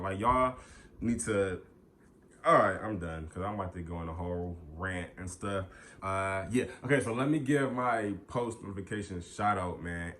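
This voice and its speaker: A young man rants on his vlog. He is casual, animated and freely profane, swinging from jokes to irritation. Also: low-pitched, a little hiss or hum. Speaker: YouTuber.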